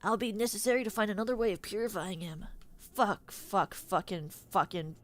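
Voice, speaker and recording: A young woman comments live on her gameplay, cursing often and breaking into sudden shouts of frustration. Between outbursts she mutters her choices quietly. Her voice sits at an average pitch. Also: normal speed. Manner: foul-mouthed, sudden loud outbursts. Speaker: game streamer.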